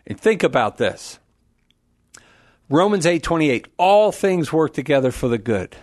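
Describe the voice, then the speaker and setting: A man answering callers on a call-in radio show in an animated, preacherly way, quick to laugh. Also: a little high, no echo, clean studio sound. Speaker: Catholic apologist radio guest.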